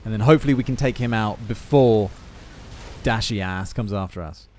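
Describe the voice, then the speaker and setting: A man giving jokey, self-mocking gameplay commentary with quick asides. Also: on the low side, a little mellow, slight background noise. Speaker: gaming YouTuber.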